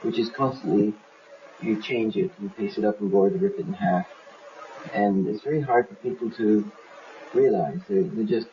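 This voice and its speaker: A man animatedly explaining his film in an interview, acting out scenes as he goes. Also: on the low side. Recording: muffled, slightly hissy archive tape.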